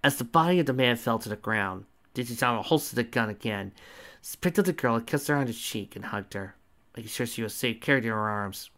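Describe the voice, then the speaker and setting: A man reads fan fiction aloud in a relaxed, casual way. He trips over words now and then and drops in joking asides. His voice is bright and clear. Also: mid-range voice, a little fast. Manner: casual, stumbling reading with asides. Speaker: fanfiction reader.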